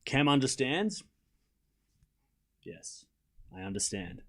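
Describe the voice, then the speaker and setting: A young male host chats his way through a live tennis watchalong, calling points and taking viewer questions between them in a casual manner. His medium-pitched, slightly bright voice swings widely in pitch and moves at a slow pace.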